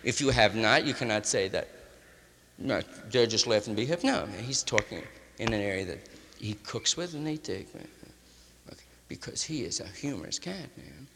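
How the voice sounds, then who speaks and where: A man riffing loosely in hip slang, often ending lines with "man" and slipping into quick impressions of others. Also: fairly low pitch, lively intonation, a bit bright, long reverb tail, a little hiss or hum. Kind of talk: loose hipster riffing monologue.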